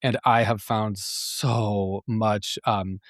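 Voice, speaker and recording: A man's voice: fairly low pitch, fairly even intonation, very slow, no echo, studio quality. A man hosting a solo therapy podcast, talking in a thoughtful, reflective way with frequent fillers. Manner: thoughtful, with frequent fillers and acted self-talk.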